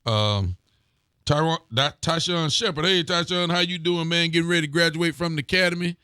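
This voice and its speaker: A man's voice: on the high side, fairly quick, pushed and bright, clear, resonant tone, dry recording, clean studio sound. A man, a sheriff hosting a local live talk show, chatting casually and greeting viewers by name. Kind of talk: casual live-stream chat reading viewer comments.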